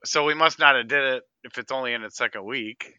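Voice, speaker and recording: A man's voice: mid-range voice, fast talker, pushed and bright, clean tone, no echo. A man co-hosting a podcast, guessing films in a playful way and swearing casually. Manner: playful, swears, laughs easily. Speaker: podcast co-host. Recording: dull, lo-fi dry podcast audio.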